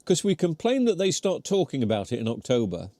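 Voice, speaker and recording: Mellow-voiced British man rambling on a live stream. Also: a little high, wildly swooping pitch, brisk, dry recording. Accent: British English. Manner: rambling, chatty, self-deprecating; talks while chewing. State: voice getting worn. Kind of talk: casual live chat reading comments. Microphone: close mic near mouth.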